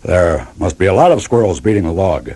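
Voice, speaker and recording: A man's voice: low voice, very animated, fairly quick, noisy background. A man reading aloud and voicing a young male farm dog who is nervous but stubborn. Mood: earnest. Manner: raised, earnest storybook voice.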